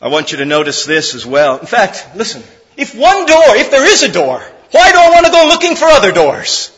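High-voiced fervent preacher in a hall. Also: male voice, wildly swooping pitch, brisk, a bit bright. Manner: fervent, emphatic, builds through repeated phrases. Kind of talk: sermon.

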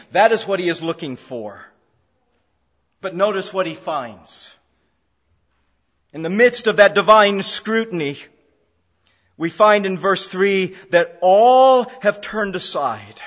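A man preaching an expository sermon, emphatic, repeating phrases for stress. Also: high voice. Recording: dull lo-fi sound in a reverberant hall.

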